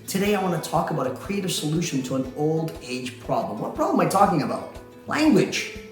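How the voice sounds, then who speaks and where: A man's voice: on the high side, very animated, brisk. A man, a company president, explaining things in a chatty way, asking rhetorical questions and often laughing. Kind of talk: explainer talk to camera. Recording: very echoey room with faint music.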